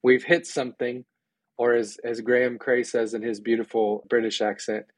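A man's voice: mid-range voice, little pitch movement, moderate pace, no room sound. Enthusiastic man, dry close recording. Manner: enthusiastic, acts out quoted voices. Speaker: podcast guest, church ministry director. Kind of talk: conversational interview.

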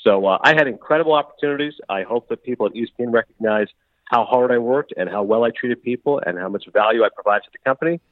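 A middle-aged man from Canada, a sports broadcaster chatting as a guest in an interview, who talks quickly and acts out the dialogue he quotes. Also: medium pitch, dry recording. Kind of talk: casual interview chat. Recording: tinny phone-like line.

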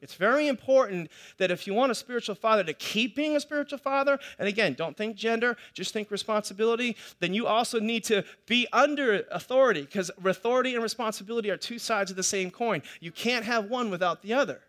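Middle-aged male pastor, high bright voice, chatty sermon storyteller who often restarts. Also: quick pace, hardly any pauses. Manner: conversational storytelling, with many restarts and repetitions.

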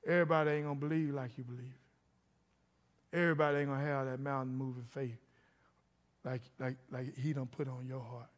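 A middle-aged pastor with a mid-range voice and a steady tone preaches a little fast, pausing often. He tells stories and calls out to the congregation, his sermon carrying a long hall reverb from the church sanctuary.

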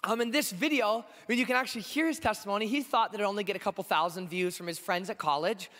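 Hoarse male preacher in his 20s, high-pitched, casual and earnest pulpit delivery, echoing church hall. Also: fast talker, sharp tone. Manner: conversational, earnest, with frequent fillers. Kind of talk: sermon.

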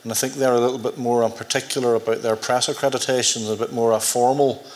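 Fast, flat-voiced male interviewer. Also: medium pitch. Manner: halting, with many fillers and repeated words. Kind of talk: conversational interview questions.

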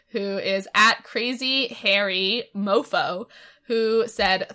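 Her voice is mid-range, pushed and bright. She's a young podcast co-host in a casual conversation full of filler words and laughter.

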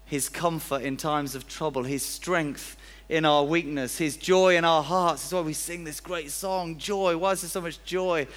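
A man's voice: a little high, steady tone, a little slow, hardly any pauses, fairly bright tone. A man preaching a sermon in a church, chatty and self-deprecating, acting out little everyday scenes.

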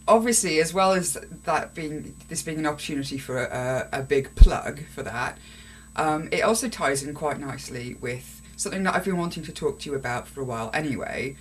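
A young woman co-hosting a podcast, chatting in a lively, self-deprecating way. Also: deep voice, fairly quick, a little hiss or hum. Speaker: podcast co-host. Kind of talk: casual podcast chat.

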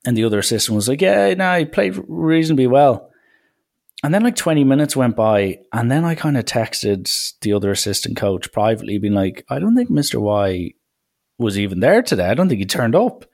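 A man, a podcast host telling coaching stories in a casual, animated way and acting out the people he quotes. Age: 20s. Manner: animated, acts out quoted people with big pitch jumps. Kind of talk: casual storytelling monologue.

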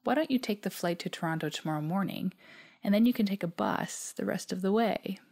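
A brisk gate attendant rattles off her words in a flat, low monotone, as a woman reading the story voices her. Her delivery is fast and businesslike, with a gravelly edge at the low end. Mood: perked up.

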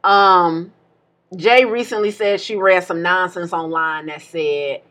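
A woman's voice: lowish voice, fairly even intonation, slow, fairly bright tone. A woman co-hosting a casual podcast, talking in a playful, emphatic way and laughing often. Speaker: podcast co-host.

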